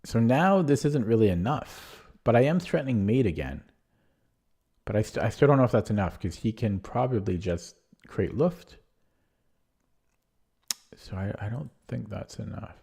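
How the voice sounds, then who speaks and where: A man streaming chess puzzles, thinking aloud with a husky, strained voice, often correcting himself. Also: fairly low pitch, big pitch swings, dark tone. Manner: muttering, self-correcting, quick laughs.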